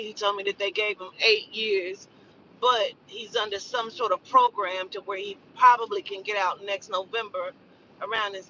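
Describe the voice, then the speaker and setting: A woman in her forties, a spiritual advisor, telling a story in casual, profane, animated talk and acting out the voices of others. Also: mid-range voice, far from the mic, highs cut off, a little hiss or hum.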